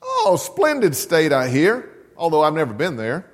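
A man's voice: a little high, huge pitch swings, normal speed, long reverb tail. A preacher putting on a chatty old mountain man. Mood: folksy. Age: older.

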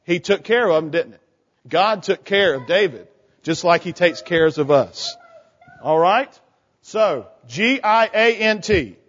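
A man's voice: sits high, lively intonation, measured pace, fairly bright tone. A man leading a children's sermon in a church, coaxing the kids with questions. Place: church sanctuary. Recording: church hall reverb, dull lo-fi sound.

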